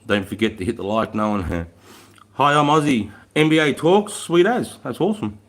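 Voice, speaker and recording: A man's voice: medium pitch, lively intonation, normal speed, fairly bright tone. An Australian man on a casual live stream, greeting viewers and chatting from a room at home in a rambling, easygoing way, swearing freely and laughing often. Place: room at home with a fire going.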